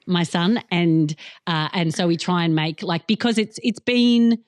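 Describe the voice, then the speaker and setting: A woman's voice: lowish voice, a little slow, background noise. A woman with an Australian accent, a comedian chatting as a podcast guest, candid and self-mocking with frequent laughter. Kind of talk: casual podcast chat.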